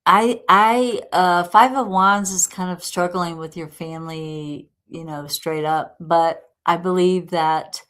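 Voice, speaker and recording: A woman with a low, deep voice gives a casual live tarot reading. She talks slowly and warmly encouraging, chatting to viewers and laughing often. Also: steady tone. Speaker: tarot reader host.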